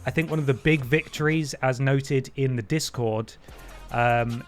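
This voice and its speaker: A man's voice: mid-range voice, a little slow, soft background music. A man hosting a game livestream, chatting wryly and thanking viewers. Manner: chatty and wry, with playful voice jumps. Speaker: livestream host. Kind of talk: casual stream chat, thanking viewers.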